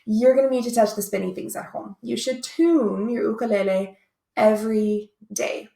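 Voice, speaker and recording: Young woman music teacher, chatty and upbeat, bit of vocal fry, echoey room. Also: on the high side, normal speed, dark tone. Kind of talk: recorded video lesson.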